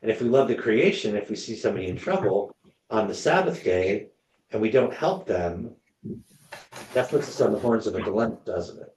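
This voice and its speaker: A man's voice: fairly low pitch, lively intonation, moderate pace, a little mellow, roomy sound, slight background noise, poor audio. A man leading a Lenten Bible study in a church, conversational and storytelling, checking in with the group. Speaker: church teacher. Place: church meeting room.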